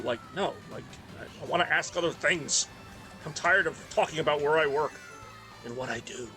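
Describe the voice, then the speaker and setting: Chatty young man, bright voice. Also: on the high side, fairly quick, faint music behind. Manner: rambling, chatty, reads chat aloud. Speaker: game streamer. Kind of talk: casual rambling chat while gaming.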